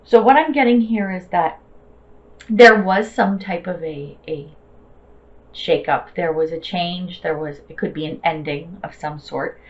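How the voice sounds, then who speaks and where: A woman's voice: fairly low pitch, a little slow, highs cut off. A woman giving a casual tarot reading, chatty and reassuring, with loose fillers and slang. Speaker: tarot reader.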